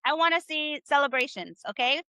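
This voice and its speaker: Peppy woman teacher running an online class, high bright voice, dry close sound, keeps cheering everyone on. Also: lively intonation, fairly quick, dry recording. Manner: upbeat, encouraging, drills repetition. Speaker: Spanish teacher. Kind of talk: live online language class.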